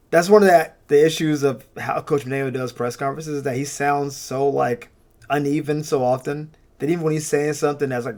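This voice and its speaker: A man hosting a fan channel, giving casual, opinionated sports commentary with frequent laughs and fillers. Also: a little high.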